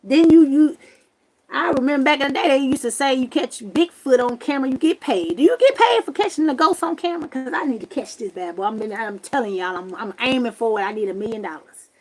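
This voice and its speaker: A woman hosting a livestream, telling a story to her viewers in a loud, profane, exasperated rant from her camper. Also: high-pitched, expressive, brisk, low-quality recording. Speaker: livestream host.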